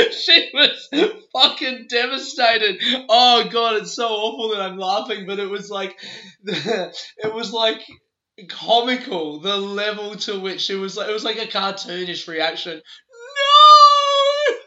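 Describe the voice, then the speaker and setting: A young Australian man tells a rambling, casual story in his Australian accent, laughing often and swearing freely. His voice is high, a little slow, bright and forceful. The room echoes and the sound is dull and lo-fi.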